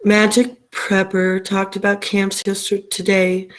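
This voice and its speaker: Her delivery completely flat and her pace measured, a middle-aged woman with a mid-range voice hosts a casual livestream, though her words are impassioned and often repeated. The internet stream's audio is sometimes choppy.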